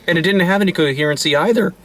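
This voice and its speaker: A young man hosting a casual movie review from inside a car, animated and profane, often laughing and breaking into mock outbursts. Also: high-pitched, racing. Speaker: host of a movie review show.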